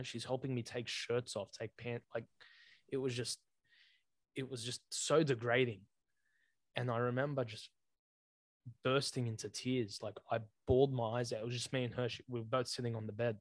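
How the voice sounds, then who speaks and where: A man's voice: medium pitch, no room sound. A young man, co-hosting a casual podcast and telling a personal story in an earnest, heartfelt way with plenty of slang. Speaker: podcast co-host.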